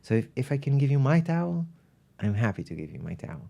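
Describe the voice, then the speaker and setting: A man voicing a poor, simple farmer who speaks softly and earnestly. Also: medium pitch, sing-song, fast, vocal fry.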